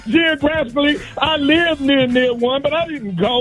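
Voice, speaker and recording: High-voiced man ranting in mock exasperation. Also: normal speed, few pauses, over loud music, low-quality recording. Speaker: comedian calling in as guest. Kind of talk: comic roast on morning radio.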